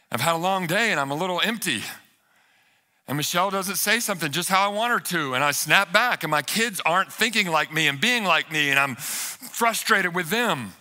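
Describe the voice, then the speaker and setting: A man preaches from the pulpit with a very bright, ringing tone and a voice on the higher side. He talks to the congregation conversationally, dropping low and quiet for tender moments, then rising high and lively to make a point. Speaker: pastor. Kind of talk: sermon. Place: church sanctuary.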